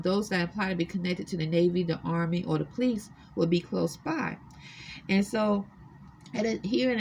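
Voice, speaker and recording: A woman's voice: on the low side, a little hiss or hum. A woman earnestly recounting her own experiences to the camera from a hotel room, insistent and emphatic. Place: extended-stay hotel room.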